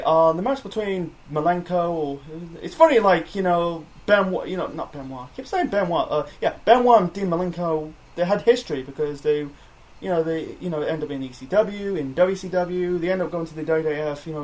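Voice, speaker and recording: Young male reviewer, slightly raised pitch, loose rambling delivery, lots of "you know" and restarts. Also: expressive, a little fast, a little mellow. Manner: rambling, many fillers and self-corrections. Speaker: wrestling review host. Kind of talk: casual solo review chat.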